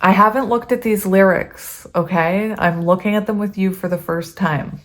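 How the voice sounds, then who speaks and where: A woman doing a casual tarot reading, chatty and emotional, reading passages aloud with many pauses and ums. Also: mid-range voice, steady tone. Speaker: tarot reader.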